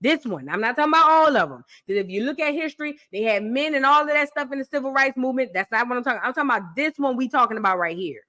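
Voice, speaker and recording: Fiery, high-voiced woman ranting. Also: animated, quick pace, few pauses, pushed and bright. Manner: fiery, profane and emphatic. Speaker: reaction video host. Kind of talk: fired-up reaction commentary.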